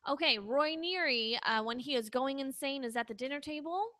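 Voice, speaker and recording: A woman co-hosting a movie podcast, loud and teasing in casual chat. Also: high voice, moderate pace, no room sound, studio quality. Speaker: podcast co-host.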